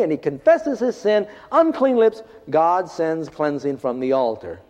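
A pastor preaching to his congregation. His voice sits a bit high, rising loud for emphasis and dropping to a hush. The recording is dull and lo-fi, with a long reverb from the hall around him. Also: moderate pace, hardly any pauses. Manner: animated preaching, swings from loud to hushed. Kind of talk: sermon. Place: large hall, in front of a congregation.

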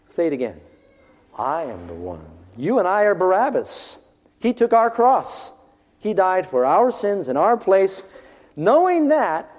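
Preaching man in an echoing hall. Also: on the high side. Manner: animated preaching, swings from loud to hushed. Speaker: pastor. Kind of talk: sermon. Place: large hall, in front of a congregation. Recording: dull lo-fi recording in a reverberant hall.

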